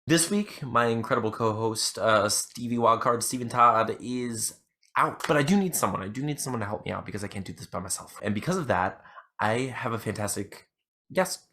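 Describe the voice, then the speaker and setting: A man's voice: lowish voice, lively intonation, brisk, bright, forceful tone. A young man hosting a casual podcast, rambling and self-deprecating, with many fillers and restarts. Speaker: podcast host.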